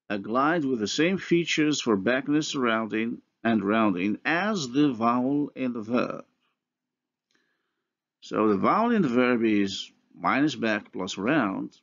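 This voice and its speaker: A man lecturing on phonology at a slow, deliberate pace, his low voice gravelly and creaky. He works through examples step by step, pausing often and restarting now and then. The recording sounds dull and lo-fi. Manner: slow, methodical explaining with pauses and restarts. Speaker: university linguistics lecturer.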